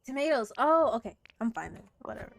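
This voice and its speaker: A woman's voice: a little high, very animated, fast talker, gravelly, a little hiss or hum. A woman livestreaming a game, chatting casually and profanely with her viewers, muttering to herself and then playfully scolding chat. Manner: muttering to herself between outbursts.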